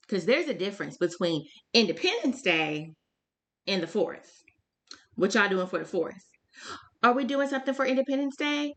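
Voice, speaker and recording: A woman's voice: mid-range voice, fairly bright tone. A woman co-hosting a podcast in casual chat, talking straight to listeners with emphatic rhetorical questions. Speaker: podcast co-host.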